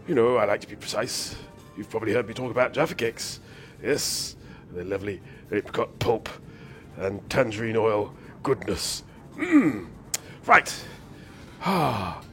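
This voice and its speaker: A man's voice: on the low side, expressive, moderate pace. A man chatting through a game stream, rambling and whimsical, a bit ill and hyper. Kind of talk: casual live-stream commentary. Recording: faint game music behind.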